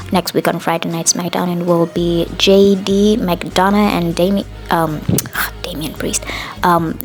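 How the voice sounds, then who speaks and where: A woman hosting a podcast, recapping a show in a casual, opinionated way, often pausing on "uh" and "um". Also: lowish voice. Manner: chatty and opinionated, with frequent "uh" and "um". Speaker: podcast host.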